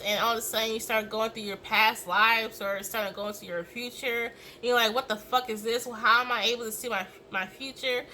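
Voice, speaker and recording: A woman's voice: a little high, pushed and bright, a little hiss or hum, poor audio. A woman giving a casual tarot reading, rambling and swearing freely as she acts out reactions. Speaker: tarot reader.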